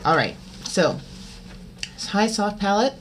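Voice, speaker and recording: A woman giving a vocal lesson, explaining in a relaxed, chatty way and breaking into loud twangy sung demonstrations. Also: medium pitch, takes it slowly, a little hiss or hum. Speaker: voice teacher.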